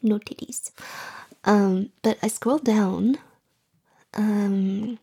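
A woman chatting casually in a soft, whispery voice, giggly and rambling. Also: medium pitch, fairly even intonation, drawn-out words, breathy edge.

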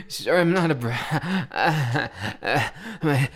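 A young man speaks at a very slow, unhurried pace in an intimate audio role-play, close to the microphone. His voice sits at an ordinary pitch for a man, teasing and breathy, and often sinks into a soft whisper.

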